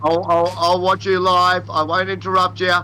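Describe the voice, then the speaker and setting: A man's voice: high-pitched, completely flat delivery, moderate pace, sharp tone, clean tone, rough recording. A man with an Australian accent, talking in blunt, rambling casual chat and swearing constantly. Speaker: co-host.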